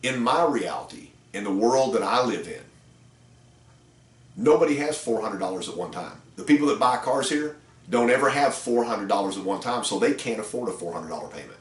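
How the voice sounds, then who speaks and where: A man's voice: medium pitch, animated, a little fast, lightly acted. A man doing a curt, dismissive ex-soldier car salesman. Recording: roomy echo, distant mic.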